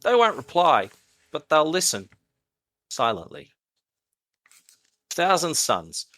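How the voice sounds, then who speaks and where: Wry man with a bright, theatrical delivery. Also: fairly high pitch, dry recording. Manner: wry, theatrical, swings from loud to hushed. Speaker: podcast co-host. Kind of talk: mock recruitment pitch for a tabletop army.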